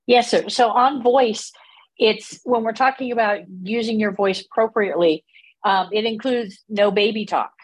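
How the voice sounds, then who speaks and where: A woman's voice: a little high, steady tone, normal speed, rough recording. Firm woman co-instructor. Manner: firm, practical, gives clear rules. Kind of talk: instructional talk.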